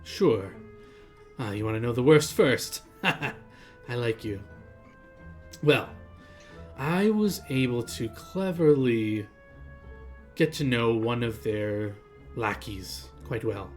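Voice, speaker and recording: A man voicing a cheerful, sly tiefling woman scholar in a tabletop game, with a theatrical, drawn-out delivery. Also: medium pitch, darkish tone, soft background music, close to an everyday voice. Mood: sly, welcoming.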